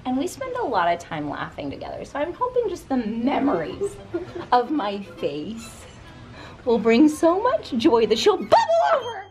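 A woman's voice: high voice, wildly swooping pitch, a little slow, a little mellow, slight background noise. A woman, a mom on a family vlog, chatting playfully and giggling with her kids. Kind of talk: casual family chat.

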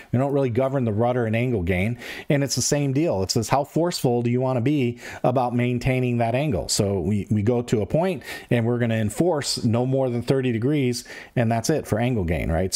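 A middle-aged man talks through device settings in a relaxed, plain-spoken way. He repeats himself and reaches for homely comparisons, his voice sitting at an ordinary male pitch. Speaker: host of a radio-control gear channel. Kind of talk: casual screen-share tutorial.

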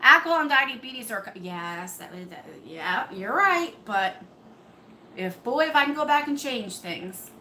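Bright high-voiced woman chatting on a live stream. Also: expressive, measured pace, echoey room, slight background noise, poor audio. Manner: chatty, reads and answers comments. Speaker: beauty channel host. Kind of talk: live stream chat with viewers. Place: home room under hot lights.

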